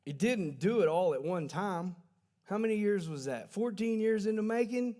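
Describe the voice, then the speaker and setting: A man delivers a livestreamed church sermon as folksy, conversational storytelling. He stops to correct himself along the way. His voice sits somewhat high for a man. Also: lively intonation, normal speed, dark tone. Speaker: pastor.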